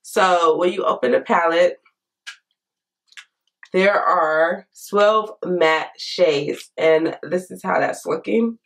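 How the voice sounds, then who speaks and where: A hoarse, congested woman, chatting frankly to camera in a casual makeup review. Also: lowish voice, slow. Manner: chatty, frank, lively asides. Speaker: beauty vlogger.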